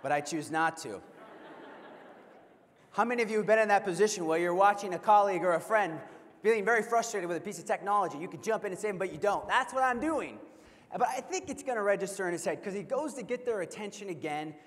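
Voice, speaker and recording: A young man giving a keynote speech at a convention, telling a funny story in an animated way and asking the audience questions. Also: high voice, quick pace. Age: young adult. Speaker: keynote speaker. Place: large convention hall. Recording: long hall reverb.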